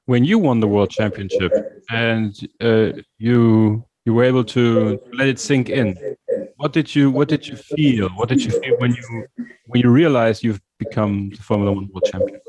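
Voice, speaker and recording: A man hosts a podcast and interviews his guest. He coaxes answers playfully and trips over his own questions, his voice at an ordinary mid pitch. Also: moderate pace, darkish tone.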